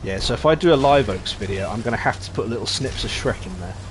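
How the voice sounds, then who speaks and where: A man giving casual, rambling commentary while streaming a game, chatting easily and getting excitable when the action heats up. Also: medium pitch, fast talker, slight background noise. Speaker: gaming streamer.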